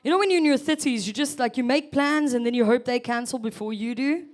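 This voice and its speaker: A woman's voice: high voice, quick pace. A South African woman in her thirties performing a chatty stand-up set, teasing the audience. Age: 30s. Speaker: stand-up comedian.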